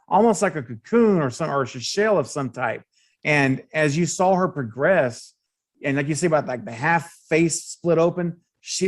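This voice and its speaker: A man appearing as a podcast guest in a casual film discussion, telling stories in an animated, drawn-out way. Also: fairly high pitch.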